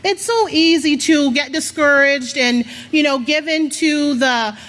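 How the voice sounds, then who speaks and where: A woman's voice: high-pitched, a little slow, fairly bright tone. A woman giving a motivational sermon to a congregation, leading call-and-response and coaxing them to repeat after her. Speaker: church speaker. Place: large worship hall.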